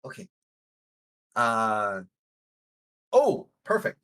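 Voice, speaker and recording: Joking player, lively pitch swings. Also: drawn-out words. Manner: easygoing, joking, animated. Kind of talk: playing a tabletop game.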